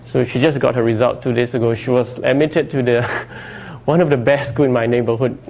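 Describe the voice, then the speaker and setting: A man's voice: medium pitch, fairly even intonation, moderate pace, gravelly, a little mellow. A middle-aged man preaching a sermon in a conversational way, often saying "you know" and "okay" to his congregation. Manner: conversational preaching, frequent 'you know' and 'okay'. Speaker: pastor.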